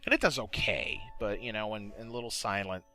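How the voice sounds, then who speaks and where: A gaming video creator records laid-back voice-over commentary for gameplay on a desktop mic, rambling, swearing, and correcting himself amid lots of fillers. His voice is on the low side, brisk, pushed, and bright, with faint music in the background.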